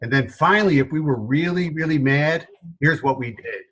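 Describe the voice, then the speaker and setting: A middle-aged man with a faint New York accent, a guest telling stories in an interview, animated and self-deprecating, laughing often. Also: a little high, normal speed, rough recording. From New York area. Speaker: guest consultant. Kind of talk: storytelling interview answers.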